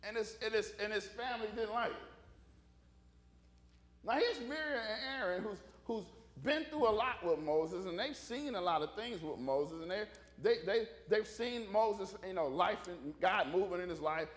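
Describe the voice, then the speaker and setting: High-voiced pastor preaching. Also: male voice, animated, moderate pace. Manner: folksy storytelling with call-and-response. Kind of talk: sermon.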